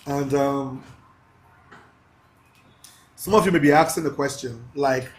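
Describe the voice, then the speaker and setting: A man teaching a mentorship class, talking in a preachy, emphatic way, slowing down to stress key phrases and laughing with his students. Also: medium pitch. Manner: laughs often, casual asides to the class. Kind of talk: live class lecture.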